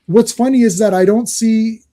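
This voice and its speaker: Middle-aged guy rambling on his stream, kinda high voice but mellow, lots of restarts. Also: steady tone, moderate pace. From Canada. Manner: rambling, self-interrupting, chuckling. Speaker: stream host. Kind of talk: casual live-stream chat.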